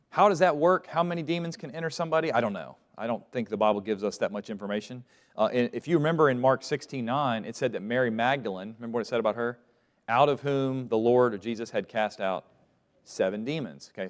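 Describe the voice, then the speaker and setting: Bible teacher quizzing his class. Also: fairly low pitch. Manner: asks questions and lets the class fill in the answers. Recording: long reverb of a large room.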